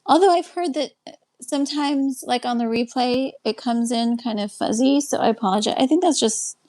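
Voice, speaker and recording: A woman's voice: sits high, moderate pace, darkish tone. A Texan woman hosting a casual live stream, chatting and greeting viewers as she answers their comments one by one. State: winding down, a little tired. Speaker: live stream host and life coach. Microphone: webcam.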